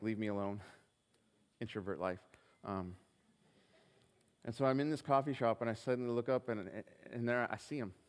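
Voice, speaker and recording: Earnest pastor telling a story in a reverberant hall. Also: male voice, mid-range voice. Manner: earnest storytelling, quotes dialogue with hesitant restarts. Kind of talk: sermon with personal story. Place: church hall. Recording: live stream in reverberant hall.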